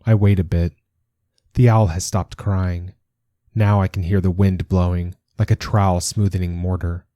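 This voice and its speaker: A man narrates a short story in a calm, measured way. His voice sits very low and sounds dark and mellow. The recording is dry and close, with no room sound. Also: dry recording. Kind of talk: scripted narration.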